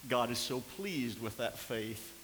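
An older man preaching a sermon as pastor, swinging from impassioned near-shouts down to quiet, low storytelling. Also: expressive, a little slow. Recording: long hall reverb with faint hiss.

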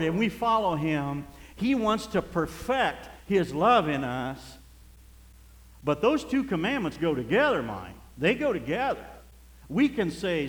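A man preaching a sermon, telling folksy stories and chuckling as he goes. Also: high-pitched. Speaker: pastor. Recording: echoey hall.

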